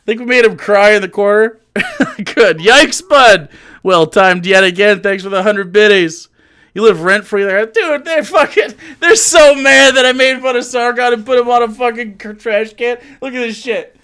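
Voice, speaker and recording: Bright-voiced mocking male streamer. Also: high-pitched, lively intonation, moderate pace, clear, resonant tone. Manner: mocking, profane, laughs often. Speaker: livestreamer. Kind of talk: casual livestream chat.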